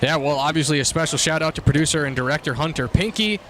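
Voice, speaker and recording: A man giving measured, analytical color commentary on a local high school football game. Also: slight background noise.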